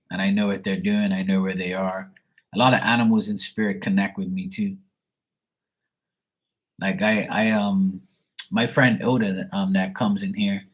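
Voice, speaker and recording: A man's voice: low-pitched, slightly rough, poor audio. A man reading tarot on a livestream from home, telling rambling stories in a casual way and swearing freely. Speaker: psychic tarot reader.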